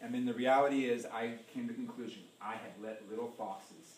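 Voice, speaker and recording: A man preaching a sermon in a church, animated and dramatic, acting out the voices he quotes. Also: medium pitch, fairly quick, noisy background.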